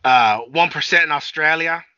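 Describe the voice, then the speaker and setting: A man's voice: on the high side, moderate pace, pushed and bright, clear, resonant tone, dry recording. A man co-hosting a podcast in casual, profane banter. He jokes a lot and often trails off mid-sentence. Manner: profane, joking, trails off and restarts. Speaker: podcast co-host. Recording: dull lo-fi dry sound.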